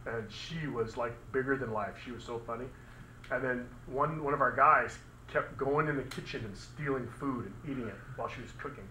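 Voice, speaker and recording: A man's voice: mid-range voice, fairly quick, sharp tone, a little hiss or hum. A man teaching a physics class in a casual, chatty way, asking the students questions and making sound effects. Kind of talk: classroom lecture. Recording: echoey classroom recording.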